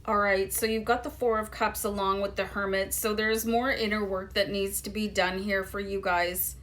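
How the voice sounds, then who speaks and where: A woman's voice: mid-range voice, flat delivery, normal speed, a bit bright. Woman, mid-range voice, easygoing tarot reader talking straight to viewers, loose and chatty. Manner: chatty, loose, lots of "you know" and "um". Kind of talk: casual tarot reading to viewers.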